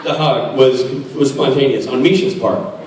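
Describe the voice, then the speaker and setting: Heard from afar through an audience member's phone, this forties-aged panel guest spins meandering, self-mocking anecdotes in a big, echoey convention hall. He speaks at a normal pace in a mid-range, slightly mellow voice, with a little background hiss or hum.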